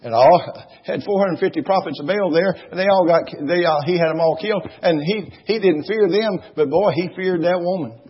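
A male preacher delivering a sermon, emphatic and repetitive, rising into loud exhortation. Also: high-pitched, normal speed, breathy edge. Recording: dull lo-fi recording.

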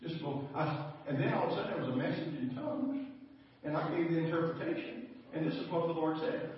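A man preaching a storytelling sermon, folksy and chuckling, with a slightly high voice. He sounds far from the mic, his words washing through a long hall echo with a dull, muffled tone. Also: big pitch swings, fast. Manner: folksy, chuckling, rising to fervent exhortation.

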